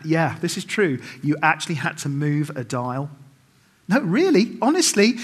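This middle-aged preacher's voice is a little high and fairly bright. He tells funny stories in his sermon, voicing the quotes as he goes and making fun of himself for the congregation's benefit.

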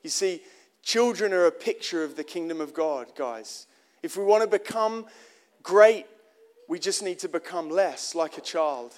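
A man's voice: on the high side, measured pace. A man preaching a sermon in an earnest, conversational way, often restarting phrases and asking the congregation direct questions.

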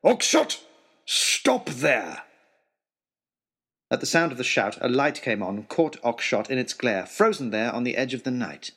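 A man narrating a children's adventure story in an expressive storytelling way. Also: medium pitch, brisk, few pauses.

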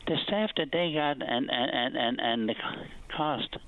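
A man's voice: medium pitch, a little slow. Rambling old Newfoundland man on the phone. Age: 80s. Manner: rambling, storytelling. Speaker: caller. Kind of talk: phone-in call. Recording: tinny phone line.

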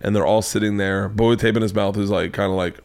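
A man's voice: on the low side, fairly even intonation, fast, creaky, darkish tone, smooth. American man telling a profane story. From United States. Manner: rambling and profane, with restarts. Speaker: podcast host. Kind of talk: casual storytelling chat.

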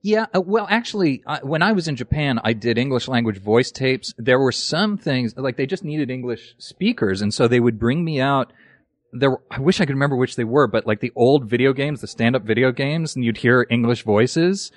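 A man's voice: medium pitch, lively intonation, normal speed, no echo, clean studio sound. A man guest on a podcast, chatting casually and self-deprecatingly about his acting career, full of asides. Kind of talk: casual interview chat.

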